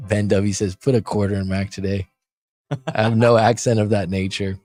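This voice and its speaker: Low-voiced man rambling on a livestream. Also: fairly even intonation, moderate pace, a little mellow. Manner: rambling, jokey, reads chat aloud. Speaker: coaching show host. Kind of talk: casual livestream chat. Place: room by street windows, abroad.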